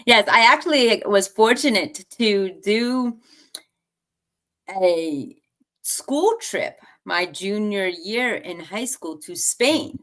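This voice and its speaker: A woman born in Colombia and raised in the United States, a motivational speaker chatting as a guest and telling stories with animated bursts of laughter. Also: medium pitch, slow pace. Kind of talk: casual interview chat.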